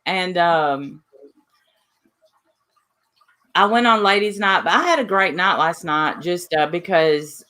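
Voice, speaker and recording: A woman's voice: on the low side, a little slow, sharp tone. A woman hosting a casual livestream, rambling and trailing off mid-sentence as she chats with her co-host.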